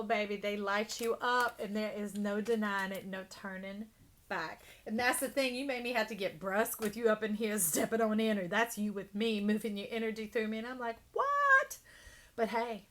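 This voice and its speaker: A woman giving an intuitive tarot reading, talking expressively and now and then dropping to a soft whisper. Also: mid-range voice. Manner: animated, drops to soft whispers. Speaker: tarot reader.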